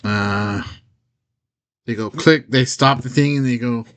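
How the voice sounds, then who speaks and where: A man's voice: medium pitch, slow, a bit bright. A man telling a rambling personal story straight to his own camera in a casual vlog, with many fillers and the odd nervous laugh.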